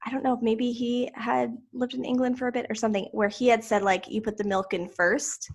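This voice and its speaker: Woman podcast co-host, casual and chatty, somewhat high voice. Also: a little fast. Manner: chatty storyteller, lively retelling. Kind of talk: casual chat.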